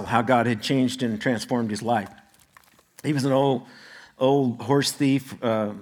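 A man's voice: mid-range voice, fairly bright tone. A male pastor preaching a sermon in a conversational way, with asides to the congregation.

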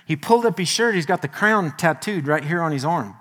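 A man delivers a sermon as pastor in a slightly high, bright and forceful voice. He preaches in a folksy, animated way and slips easily into homely personal stories. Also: fairly quick.

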